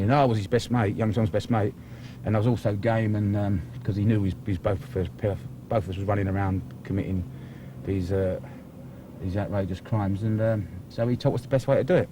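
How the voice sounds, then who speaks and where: A man's voice: on the low side, steady tone, brisk, noisy background. A man recalling the past in an interview, rambling and restarting. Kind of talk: interview recollection.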